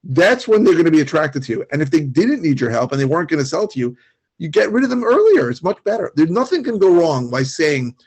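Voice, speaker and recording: Podcast guy, talks fast and huskyish, pushy coaching vibe, bit high. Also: sing-song, darkish tone, husky. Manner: quick, emphatic, coaching tone. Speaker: podcast co-host. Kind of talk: casual podcast chat.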